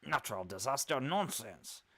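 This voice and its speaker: Casting: man putting on a scornful, fake-French-accented bird aristocrat, swinging pitch. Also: big pitch swings, normal speed, a bit bright. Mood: demanding. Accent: put-on French. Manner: imperious, scornful. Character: haughty aristocratic male bird student council president.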